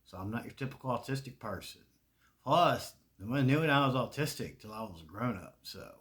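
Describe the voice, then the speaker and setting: A man's voice: medium pitch, animated, brisk, a bit bright. A man with a Southern US accent, talking in a rambling, profane casual monologue and laughing often. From American South. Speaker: video creator.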